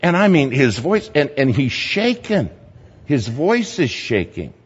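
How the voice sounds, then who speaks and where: A man's voice: fairly high pitch, a little slow, slightly rough. Man telling a sermon story in a hall. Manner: lively anecdotal storytelling, chuckling at his own story. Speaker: speaker at a church gathering. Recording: dull, echoey hall recording.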